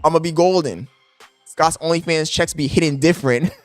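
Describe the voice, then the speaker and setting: A young man streaming live from his apartment, talking loudly and profanely to his chat into a desk microphone, laughing often. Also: fairly high pitch, a little fast, soft background music. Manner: loud, yelling into the mic, profane, laughing.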